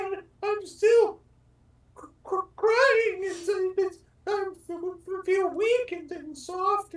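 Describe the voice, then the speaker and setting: A woman voicing a young, insecure puppet boy in a tabletop game, crying and stammering. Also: extremely high pitch. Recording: echoey room, far from the mic.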